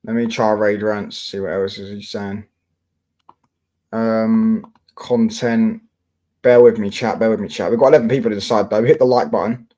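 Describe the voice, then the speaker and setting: A man's voice: on the low side, fairly even intonation, moderate pace, mellow. A young man from London with a London accent, hosting a casual football livestream and answering his chat in slangy, swearing talk.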